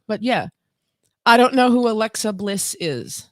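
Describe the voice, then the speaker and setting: A podcast co-host with a medium-pitched, sing-song voice comes through with clean studio quality and no echo. She chats casually but bluntly, teasing others and frequently launching into rants.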